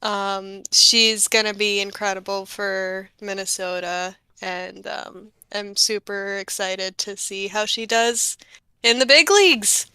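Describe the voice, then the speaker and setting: Woman, co-host, gushing, enthusiastic, smooth clear voice, slow pace. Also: mid-range voice, level tone, pushed and bright, no room sound. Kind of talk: casual livestream chat.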